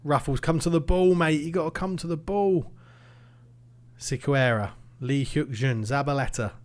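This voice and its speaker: A man narrates his football management game play by play in a fairly high voice. He worries aloud over every attack, drops to a mutter while fretting, then rises to an eager shout when the play turns. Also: normal speed. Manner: anxious, commentating play by play, swinging between muttering and excited shouting. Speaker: gaming YouTuber. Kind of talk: live game commentary.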